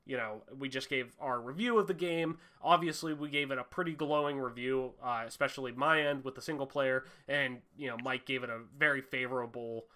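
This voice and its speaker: A man's voice: mid-range voice, a little fast, hardly any pauses, sharp tone. A young man hosting a casual gaming podcast, talking loosely and animatedly, swearing freely with lots of fillers. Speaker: podcast host.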